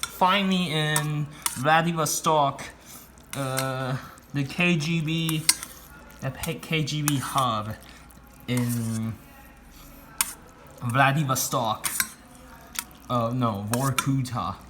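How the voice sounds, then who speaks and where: A man's voice: mid-range voice, fairly even intonation, drawn-out words, pauses often. Brash teenage boy on a noisy phone. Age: teens. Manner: brash, joking, heavy swearing, rambling asides. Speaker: vlogger. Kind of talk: casual rambling cooking vlog. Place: home kitchen.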